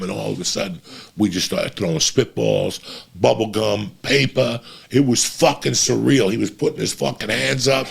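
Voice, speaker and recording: Gravelly husky New man. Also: fairly low pitch, moderate pace. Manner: profane, animated, acts out voices. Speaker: storyteller. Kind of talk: casual storytelling.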